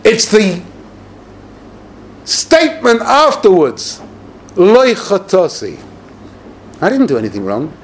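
A high-voiced man delivers a yeshiva-style Torah lecture, his pitch leaping around as he needles and mocks. He slips Hebrew and Yiddish terms into his English, and a faint hiss sits under the recording. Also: big pitch swings, slow pace, long pauses. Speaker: rabbi giving a Torah talk.

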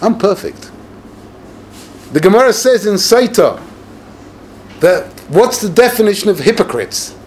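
A high-voiced man delivers a yeshiva-style Torah lecture, his pitch leaping around as he needles and mocks. He slips Hebrew and Yiddish terms into his English, and a faint hiss sits under the recording. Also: big pitch swings, a little slow, pauses often, darkish tone. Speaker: rabbi giving a Torah talk.

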